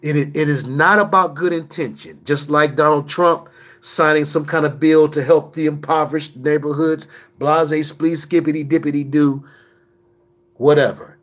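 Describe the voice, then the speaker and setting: A man's voice: fairly high pitch, steady tone, normal speed. A man hosting a livestream, answering viewer questions in an emphatic, preachy way with mocking asides.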